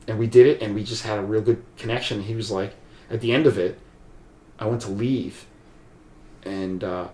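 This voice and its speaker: A man's voice: on the low side, steady tone, moderate pace, pauses often, darkish tone. A man telling a long personal story as a podcast guest, loose and rambling, full of restarts and "like". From USA. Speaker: podcast guest, martial arts practitioner. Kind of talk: casual storytelling conversation. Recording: roomy echo.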